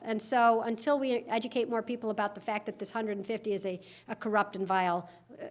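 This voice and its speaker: A middle-aged woman speaks to a conference hall in a high, bright voice. Her delivery is animated and sarcastic, and she laughs at her own jokes. The sound is a mic feed from the stage. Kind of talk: conference talk.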